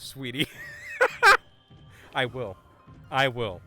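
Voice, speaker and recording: A man streaming a game live, chatting excitably with viewers and stammering over his words. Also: medium pitch, normal speed, over music. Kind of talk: live gameplay stream chat.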